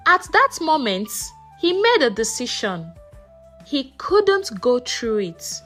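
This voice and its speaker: A woman narrating a folktale in a slow, expressive storytelling manner. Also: a little high, faint music behind.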